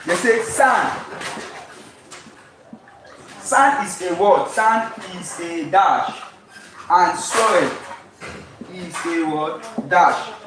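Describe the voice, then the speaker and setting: A high-voiced man teaching chemistry, throwing out "what?" after half a sentence and then filling in the answer himself. He stretches out key terms to drive them home. The voice comes from across an echoey classroom, with noise in the background. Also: distant mic. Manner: call-and-response teaching, constantly asks "what?" and answers himself; repeats key terms slowly for emphasis. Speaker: chemistry tutor. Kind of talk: live-streamed exam lesson. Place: classroom with whiteboard.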